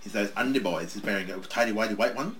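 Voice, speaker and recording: A man co-hosting a casual wrestling watch-along, playful and prone to sudden loud excited shouts. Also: fairly low pitch, fast. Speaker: co-host.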